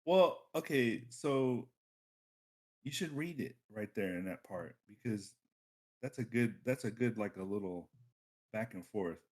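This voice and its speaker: A man co-hosting a podcast, chatting in an animated storytelling way. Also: on the low side, unhurried. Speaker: podcast co-host. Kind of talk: casual chat.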